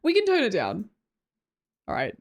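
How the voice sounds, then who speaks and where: Streaming live from home on a desk mic, an Australian woman chats casually with her viewers, chatty and giggly. Her mid-range, creaky voice swoops wildly in a sing-song up-and-down delivery at a moderate pace.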